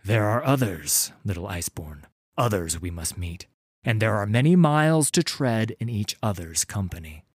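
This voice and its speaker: A man voicing a gaunt undead man who speaks in a solemn, measured way. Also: fairly low pitch, expressive, breathy edge, dry recording, studio quality.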